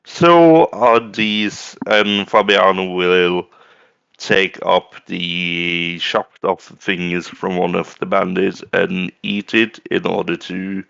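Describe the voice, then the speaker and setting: A man playing a tabletop game, speaking in a slow, halting way. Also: sits low, steady tone, creaky, a bit bright, smooth, no room sound, dull audio. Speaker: player.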